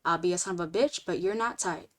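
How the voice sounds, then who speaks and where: A woman voicing a gruff middle-aged male bartender from a storybook, talking in a low, slow, blunt drawl. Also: close to an everyday voice.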